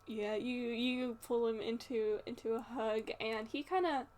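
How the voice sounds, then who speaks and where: A woman narrating a tabletop role-play as game master, speaking in a halting way with frequent pauses. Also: fairly high pitch, a little mellow. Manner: halting, with frequent fillers and restarts.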